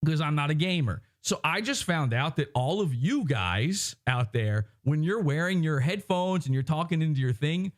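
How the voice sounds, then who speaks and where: An emphatic man hosting a livestream, his voice pitched rather high as he lectures and mocks. He talks close into a broadcast microphone. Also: animated, moderate pace, few pauses. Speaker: podcast host. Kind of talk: ranting livestream commentary. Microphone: broadcast microphone with headphones.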